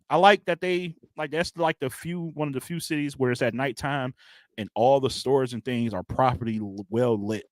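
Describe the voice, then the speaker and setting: A man's voice: mid-range voice, moderate pace, no echo, clean studio sound. A man hosting a podcast, talking in a rambling, slangy, self-mocking way in casual chat. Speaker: podcast host.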